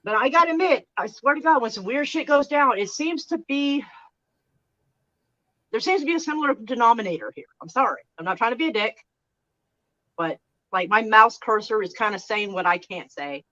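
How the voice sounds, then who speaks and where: A woman's voice: on the high side, animated, normal speed, a bit bright. Woman live-streamer from Oklahoma, casual and rambling, slightly dull mic. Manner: rambling, frank, trails off and restarts.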